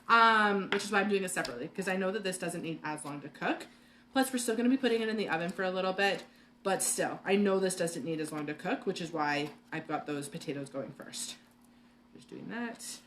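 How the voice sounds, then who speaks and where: A woman's voice: lowish voice, fairly bright tone, a little hiss or hum. A woman hosting a live cooking class from her home kitchen, chatting and rambling with lots of fillers and laughs. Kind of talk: live cooking demo chat.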